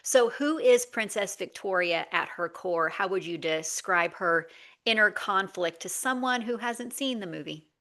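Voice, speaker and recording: A woman's voice: mid-range voice, expressive, unhurried, a bit bright. A woman hosting an interview, asking questions and responding with enthusiasm and affirmation. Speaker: podcast host, interviewer.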